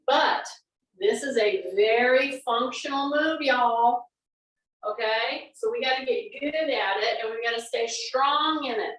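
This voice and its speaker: A woman's voice: high-pitched, fairly bright tone, distant mic. A woman fitness instructor, coaching a class through exercises and repeating cues. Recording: echoey room, away from the mic.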